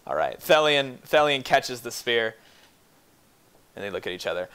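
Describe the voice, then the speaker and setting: A man's voice: medium pitch, very animated, moderate pace, fairly bright tone, clean tone. A man narrating as game master in casual chat, laughing often and swearing casually.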